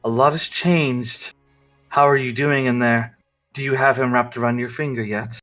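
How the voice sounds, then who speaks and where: A man's voice: medium pitch, fairly even intonation, normal speed, fairly bright tone, soft background music, natural voice. A man voicing a sly, mocking woman who schemes and teases.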